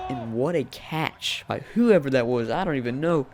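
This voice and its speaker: A young man giving casual play-by-play commentary over a football video game, talking to the teams on screen and jumping high when surprised. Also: animated, normal speed, darkish tone, faint music behind. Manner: chatty, talks to the teams on screen. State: voice cracking. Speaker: gaming commentator.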